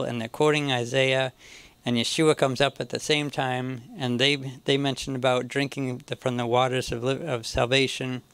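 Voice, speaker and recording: A man giving an informal Bible teaching at a church, talking in a halting way with many restarts. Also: mid-range voice, fairly bright tone, clean tone, no echo. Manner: halting, restarts often, chuckles to himself.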